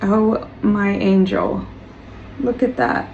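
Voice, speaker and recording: A woman giving a tarot reading straight to the viewer, talking gently and reassuringly and repeating words for emphasis. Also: medium pitch, very animated, slow, highs cut off. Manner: speaks of spiritual guidance. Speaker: tarot reader. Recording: roomy echo, faint background noise.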